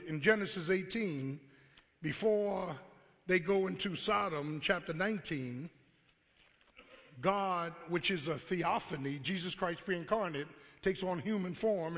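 A pastor preaching a call-and-response sermon, acting out God's voice and rising to shouts. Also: male voice, high-pitched. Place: church sanctuary. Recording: live church hall with long reverb.

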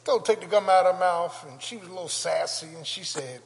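An older male pastor preaching a sermon with call-and-response, building to shouts. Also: sits high, expressive, a little fast, hardly any pauses. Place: church sanctuary. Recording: long church reverb.

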